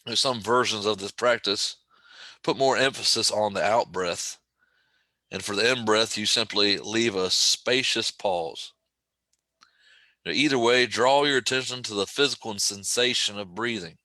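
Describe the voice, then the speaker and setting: A man with a low, bright voice gently guides a breathing meditation. He speaks slowly and calmly, with relaxed asides. The recording is dry and close. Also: dry recording. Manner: slow, gentle, calm guidance with casual asides.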